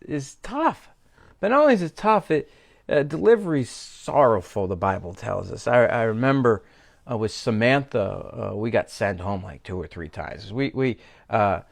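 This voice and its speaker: Man preaching with animated storytelling. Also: on the high side, creaky. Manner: animated, self-mocking storyteller with many fillers and restarts. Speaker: pastor. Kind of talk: storytelling sermon. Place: church sanctuary.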